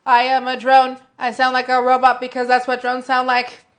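A woman voicing a small robot drone in a plain, deadpan way during a tabletop game. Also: high voice, moderate pace. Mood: chirpy.

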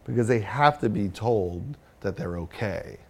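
A man being interviewed about his work as a comedian and filmmaker, with a gravelly, somewhat low voice. He talks candidly and self-critically and thinks out loud as he goes. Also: animated, unhurried.

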